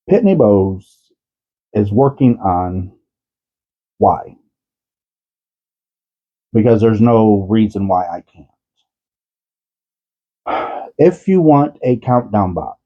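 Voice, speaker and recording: Slow husky man, casual yarn chat. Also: fairly low pitch, muffled recording. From United States. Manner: giggly, keeps breaking into laughter. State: laughing to tears. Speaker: yarn vlogger.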